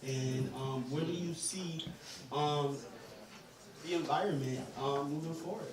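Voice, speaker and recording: A man's voice: a little high, unhurried. A man in the audience asking a long, rambling, earnest question with fillers. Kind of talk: question from the floor. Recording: echoey venue, distant mic, crowd noise.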